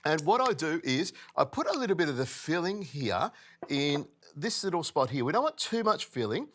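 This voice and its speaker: Playful chef explaining a recipe. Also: male voice, on the high side, very animated, moderate pace, fairly bright tone, slight background noise. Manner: chatty, playful, explaining step by step. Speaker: chef host. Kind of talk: cooking demonstration.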